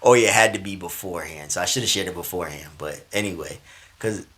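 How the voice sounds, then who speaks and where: A man telling a personal story to camera in a casual, slangy way, dropping into hushed asides and rising into loud bursts. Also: deep voice, fast talker, slightly rough.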